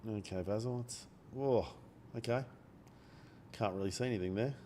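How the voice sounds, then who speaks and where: Quiet man with a cold. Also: lowish voice, moderate pace, slight background noise. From Australia. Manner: speaks quietly, blunt and swearing. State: has a cold. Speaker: day trader live-streaming. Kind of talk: quiet live-stream chat. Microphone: microphone held very close.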